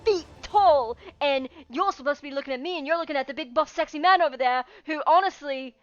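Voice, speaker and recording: A man's voice: very high-pitched, lively intonation, moderate pace, fairly bright tone, dull audio. A woman voicing a short, jealous male gnome who rants, swears and bickers in a tabletop game.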